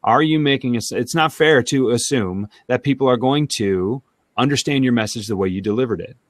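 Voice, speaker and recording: Animated man talking shop, dry sound. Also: mid-range voice, fairly quick, no echo. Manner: animated, thinks out loud with restarts. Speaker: co-host of a sales talk show. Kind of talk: casual conversational chat.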